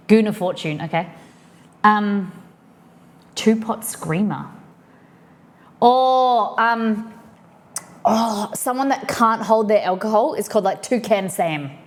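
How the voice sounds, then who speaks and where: An Australian woman talks loosely and casually to her stream audience at a middling pitch. She rambles, fills her sentences with "like" and circles back on her own explanations. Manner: chatty and rambling, lots of "like" fillers. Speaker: livestream host. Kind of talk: casual chat explaining slang to viewers.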